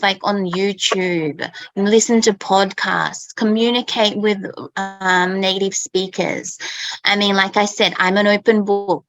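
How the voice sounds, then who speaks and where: A woman's voice: mid-range voice, a bit bright, no room sound, poor audio. A woman with an Australian accent chatting casually over a video call, peppering her talk with "okay" and "like". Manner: chatty, fills speech with "okay" and "like". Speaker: guest speaker for English learners. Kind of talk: casual chat, storytelling.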